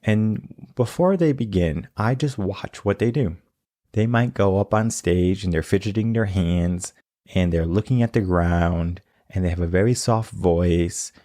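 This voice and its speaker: Deep-voiced man coaching casually. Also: a little slow, warm tone, no room sound, clean studio sound. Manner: conversational, often tags lines with "right?". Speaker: coach and podcast host.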